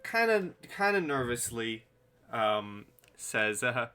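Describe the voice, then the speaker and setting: A man narrating as game master of a tabletop game, halting and full of fillers. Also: medium pitch, sharp tone, slight background noise.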